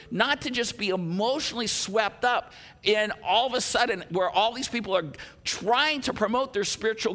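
A man's voice: sits high, bright, forceful tone. A man pastor preaching a sermon, teaching verse by verse with asides and a light joke.

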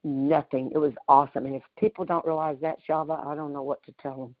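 Through muffled call audio with no room sound, a Louisiana woman chats quickly in a low-pitched voice during a casual community group call. She spins animated stories and laughs often.

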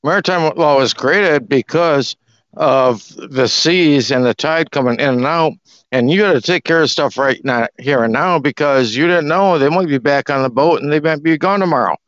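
Man, mid pitch, rambling and loose delivery, dry lo-fi call audio. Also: normal speed, a bit bright, no echo. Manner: rambling, loose, clears throat. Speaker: discussion group participant. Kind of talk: casual storytelling and explanation.

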